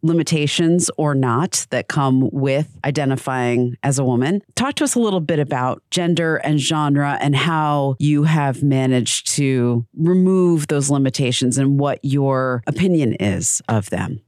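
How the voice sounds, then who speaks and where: A woman's voice: rumbling low, measured pace, hardly any pauses, darkish tone, no echo, studio quality. A woman hosting an interview show, asking questions in a casual, curious way. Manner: curious, casual, uses "like" a lot. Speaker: host.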